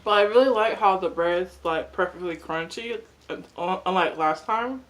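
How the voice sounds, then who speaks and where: A young woman with a lowish voice and moderate pace chats casually while eating as a mukbang vlogger. She's chatty and rambling, saying "like" a lot.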